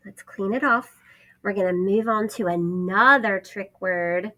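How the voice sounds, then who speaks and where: Slow, bright-voiced first grade teacher woman. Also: medium pitch. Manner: slow, stretched-out sounding of letters and words. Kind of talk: phonics lesson for young children.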